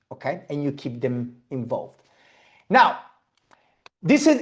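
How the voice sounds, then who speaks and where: A man's voice: high-pitched, mellow. A man teaching a sales class, blunt and swearing casually, often checking in with "okay?". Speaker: sales trainer.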